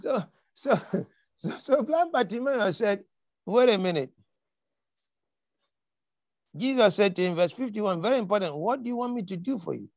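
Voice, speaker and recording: High-voiced preaching man, emphatic. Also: animated, normal speed, creaky, long pauses, a little mellow, dry recording. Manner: emphatic preaching, repeats key lines, quotes scripture dramatically. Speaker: pastor. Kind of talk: sermon.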